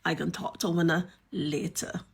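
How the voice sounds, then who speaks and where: A woman with a Bajan accent, explaining and reading aloud to her followers in a measured, instructive way. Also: lowish voice, flat delivery, vocal fry, breathy edge. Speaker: content creator explaining dialect.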